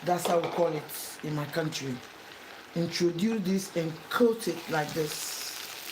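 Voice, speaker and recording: This home cook's voice sits low and moves slowly as she leads the viewer through each stage of a dish, repeating instructions many times. She is filmed in her echoey home kitchen over the sound of frying.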